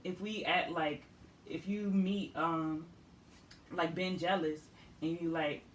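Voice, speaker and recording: A woman's voice: on the low side, fairly even intonation, takes it slowly, reverberant, slight background noise, poor audio. A young woman from the Washington DC area, talking casually as a guest, chatty, laughing often and filling with "like". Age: young adult. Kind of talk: casual chat.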